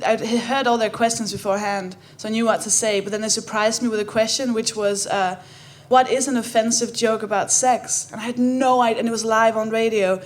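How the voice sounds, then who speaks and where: Cheeky higher-voiced woman comic. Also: fairly even intonation, quick pace, hardly any pauses. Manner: cheeky, laughing, blunt. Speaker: podcast co-host, comedian. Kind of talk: comedic storytelling to a live audience.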